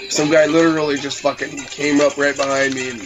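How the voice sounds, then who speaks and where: A man's voice: fairly high pitch, flat delivery, fairly quick, rough recording. A young man hosting a casual gaming podcast, swearing and ranting with frustration as he plays. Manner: profane, ranting and frustrated, trash-talking. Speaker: podcast host. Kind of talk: casual gaming chat while playing. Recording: music playing behind the voice.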